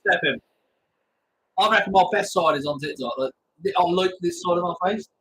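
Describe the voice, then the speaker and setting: A man's voice: high voice, normal speed, fairly bright tone, slightly rough, rough recording. A man hosting a live stream, chatting to his viewers in a rambling, sweary way with stammered restarts. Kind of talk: casual live-stream chat.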